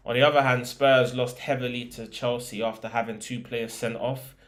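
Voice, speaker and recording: A man's voice: medium pitch, level tone, moderate pace. A young man hosting a football podcast, chatting casually about results and predictions with slang and filler words.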